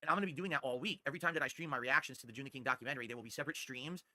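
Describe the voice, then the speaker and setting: Guy streaming from home, ranting fast and cocky, very bright voice, dry close mic. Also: mid-range voice, no room sound. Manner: ranting, brash and boastful. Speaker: streamer host. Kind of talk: casual podcast-style livestream monologue. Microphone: desktop condenser mic.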